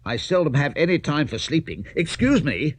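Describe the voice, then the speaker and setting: A man's voice: fairly high pitch, big pitch swings, moderate pace, husky, pitched above the performer's own voice. A man voicing a flustered, overworked cuckoo who lives in a clock, talking in a fussy, anxious hurry.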